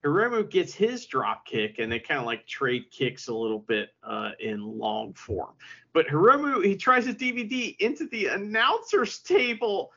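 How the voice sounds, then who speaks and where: A man co-hosting a podcast, chatting casually and profanely, retelling events with lively quoted asides. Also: high voice, normal speed, gravelly, highs cut off. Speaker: podcast co-host. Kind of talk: casual chat recapping wrestling.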